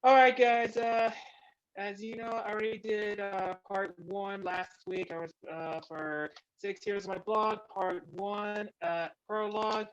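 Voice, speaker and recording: A man's voice: high-pitched, steady tone, measured pace, highs cut off. A man talks through a Bluetooth headset on a home video call as he starts his open mic set. He speaks hesitantly, with plenty of fillers and restarts. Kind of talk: casual chat on a livestream. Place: home, online livestream.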